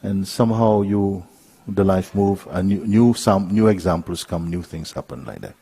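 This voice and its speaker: A man speaking as a spiritual teacher to a live audience, telling a gentle story with frequent chuckles. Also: sits low, moderate pace, slightly rough. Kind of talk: relaxed satsang talk.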